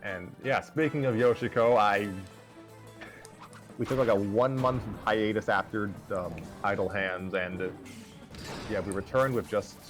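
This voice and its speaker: Low-voiced man rambling with music behind. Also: steady tone, a little slow. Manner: rambling, self-deprecating. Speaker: host and story writer. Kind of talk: casual livestream chat.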